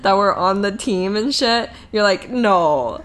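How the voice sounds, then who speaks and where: A woman's voice: mid-range voice, steady tone, normal speed, fairly bright tone. A young woman co-hosting a podcast in casual chat, laughing often and trailing off mid-sentence. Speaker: podcast co-host.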